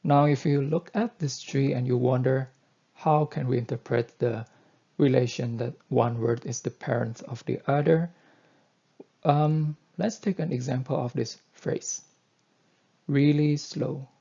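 Male lecturer, slow deliberate coding tutorial, gravelly husky voice, dull lo-fi mic. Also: mid-range voice, steady tone, mellow. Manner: slow, deliberate explaining with fillers. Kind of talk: screen-recorded coding tutorial.

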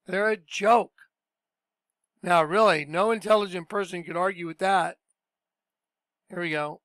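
Scornful high-voiced man ranting. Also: a little slow, fairly bright tone, dry recording. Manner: blunt, scornful, conversational. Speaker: commentator reacting to clips. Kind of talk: casual ranting commentary.

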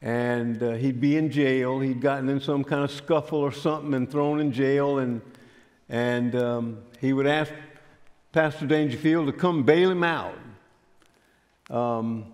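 An older man, telling a story in a sermon in a folksy, unhurried way. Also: mid-range voice, steady tone, a little mellow. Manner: folksy, unhurried, frequent fillers. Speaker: pastor. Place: church sanctuary. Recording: church hall with long reverb.

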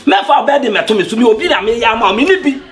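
An actor with a Ghanaian accent playing a lively man who talks with exclamations in Twi. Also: extremely high pitch, racing. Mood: boisterous. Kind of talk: film drama acting.

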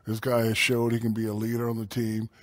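Brief: male analyst, low voice, emphatic, dry close sound. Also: completely flat delivery, a little fast, dry recording. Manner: emphatic, direct. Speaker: studio analyst. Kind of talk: studio analysis in a video game.

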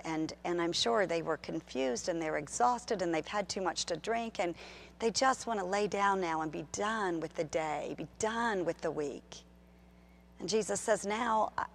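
Brief: middle-aged woman preacher, gravelly, conversational sermon with animated storytelling. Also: lowish voice, moderate pace, slight background noise. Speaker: pastor.

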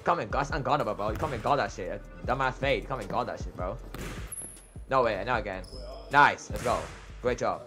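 A young man streaming a reaction, talking casually and excitably, trash-talking his chat and saying "bro" constantly. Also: mid-range voice, brisk, soft background music. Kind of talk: casual livestream reaction talk.

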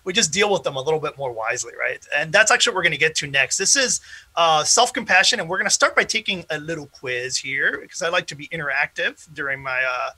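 A man's voice: fairly high pitch, animated, fast, pushed and bright, breathy edge. A man presenting an interactive online workshop to teachers over a video call, casual and encouraging with frequent fillers. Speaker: presenter at an educators' conference.

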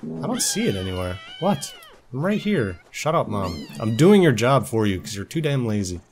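A man gives a cheeky newborn lynx cub that grumbles and whines at its mother in let's play commentary. The voice sits at an ordinary middle pitch, with faint music playing behind it. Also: sing-song, normal speed, darkish tone. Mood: mock-whiny. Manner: joking, mock-whiny complaints, frequent laughs.

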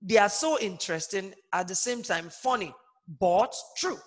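A man's voice: high voice, animated, normal speed. A man teaching an online primary school lesson, repeating each point and asking his pupils questions. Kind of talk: online class lesson for children. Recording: long hall reverb.

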